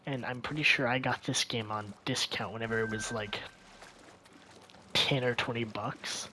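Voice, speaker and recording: Young man, casual gameplay commentary, rambling, hushed at times, bright tense voice. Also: medium pitch, steady tone, normal speed, a little hiss or hum. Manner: rambling, thinking out loud, often drops to a hushed voice. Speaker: gaming video creator.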